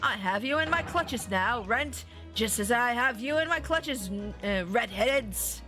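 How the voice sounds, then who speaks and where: A woman's voice: fairly high pitch, animated, unhurried, bright, forceful tone, faint music behind. A woman voicing a pompous, eccentric male detective in a video game, speaking in a theatrical, grandiose way.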